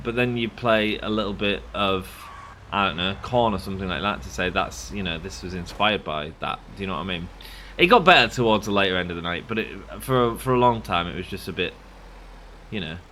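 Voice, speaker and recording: A man in his thirties chats loosely over his gameplay, drifting from one rambling story to the next. His voice is bright and forward, a little under the weather, with a faint hum of noise behind him. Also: lowish voice, animated, brisk. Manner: rambling, chatty, oversharing anecdotes. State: sick. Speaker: gaming channel host. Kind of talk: casual let's play commentary.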